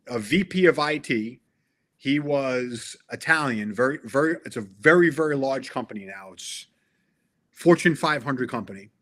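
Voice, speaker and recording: A middle-aged man, a tech sales veteran, appears as a guest in a casual interview, speaking earnestly and emphatically and often restarting his sentences. His voice is mid-range with a sharp tone.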